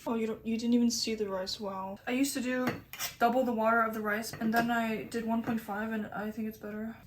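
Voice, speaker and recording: A woman's voice: a little high, little pitch movement, a little fast, background noise. A young woman vlogging herself cooking at home, chaotic and swearing as she talks to her phone camera. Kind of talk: casual cooking vlog. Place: home kitchen.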